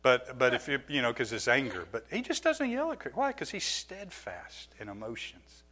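A middle-aged man giving a sermon as a pastor, telling stories from his own life with lively, self-mocking laughter. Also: mid-range voice, normal speed. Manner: animated storytelling, laughing at himself.

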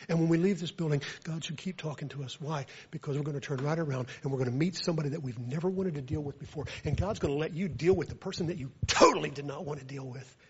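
A man with a Southern US accent, preaching a sermon that turns into a lively story, speaking quietly at times and loudly at others. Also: a little high, quick pace, few pauses, a little hiss or hum. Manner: animated, builds from quiet to loud when telling a story. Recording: dull lo-fi recording.

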